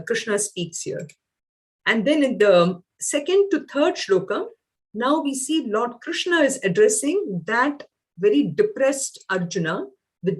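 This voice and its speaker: A middle-aged woman teaching a scripture lecture, explaining verses with frequent fillers and reciting lines of Sanskrit. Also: a little high.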